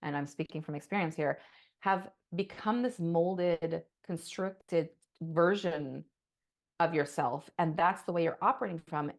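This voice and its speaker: A woman's voice: lowish voice, unhurried, vocal fry. A woman co-hosting a podcast, talking in a passionate, rambling way, swearing often and saying "like" a lot. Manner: passionate, profane, rambling with many "like"s. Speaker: podcast co-host. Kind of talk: casual podcast monologue.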